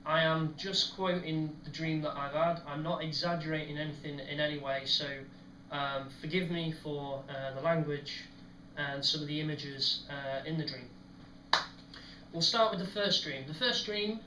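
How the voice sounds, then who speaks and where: Young male host, casual rambling storyteller, higher voice, roomy echo with faint background hiss. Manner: rambling, many ums, animated when retelling. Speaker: podcast host. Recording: echoey room, mic at a distance.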